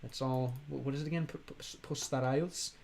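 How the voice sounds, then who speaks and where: A man's voice: medium pitch, steady tone, vocal fry, darkish tone, a little hiss or hum. Rambling American man streaming casually. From Chicago, USA. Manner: rambling, halting, with many fillers and restarts. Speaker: streamer and language learner. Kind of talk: casual livestream chat.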